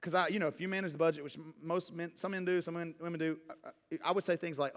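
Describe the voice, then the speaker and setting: A man preaching a sermon, telling stories in a conversational, animated way and drawing the congregation in. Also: fairly high pitch, fast talker. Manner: conversational, animated storytelling with a call-and-response feel. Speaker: pastor. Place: church sanctuary. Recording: reverberant church hall.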